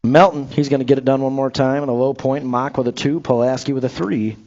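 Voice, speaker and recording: Doing live BMX race commentary, this announcer reels off rider names and placings over the track PA, tossing in upbeat jokes between fast calls. His mid-range voice is fairly even in intonation and a little mellow, and the audio is dull.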